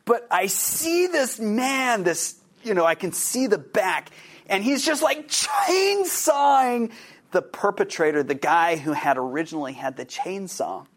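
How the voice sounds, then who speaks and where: A man hosting a podcast, telling a personal story in a halting way with many fillers and restarts. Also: high voice, animated, a bit bright. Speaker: podcast host.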